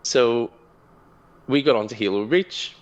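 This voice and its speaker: A man's voice: mid-range voice, unhurried, dull audio. A young man co-hosting a casual podcast chat, telling a story with energy, swearing and laughing often. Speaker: podcast co-host.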